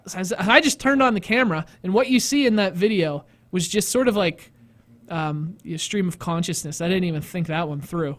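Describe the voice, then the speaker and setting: A man with a high-pitched voice hosts a casual live stream. He rambles through his stories with plenty of self-mockery and quick laughter. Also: expressive, a bit bright. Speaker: host. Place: studio.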